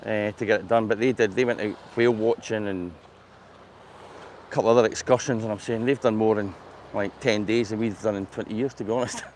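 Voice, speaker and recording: A man's voice: lowish voice, fairly even intonation, fairly quick, a little mellow, a little hiss or hum. A man with a Scottish accent chatting easily on an outdoor seafront walk, recorded on a lapel mic. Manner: easygoing, with frequent "eh" fillers. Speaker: guest on a walk. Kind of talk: casual conversation while walking. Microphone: wireless lapel mic.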